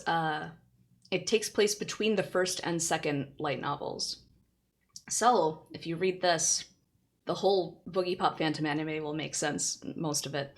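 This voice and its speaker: Lowish-voiced girl streamer reading a novel out loud, chatty, laughs a lot. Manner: chatty, laughs often, answers chat.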